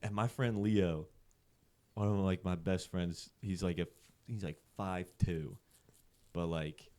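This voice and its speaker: A young man in his twenties from central Pennsylvania, with a voice that sits on the low side. He tells a story in a loose, rambling way, swearing often and filling his sentences with "like." He sounds like a podcast guest in casual conversation. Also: steady tone, slow, warm tone. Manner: loose, profane, filler-heavy storytelling.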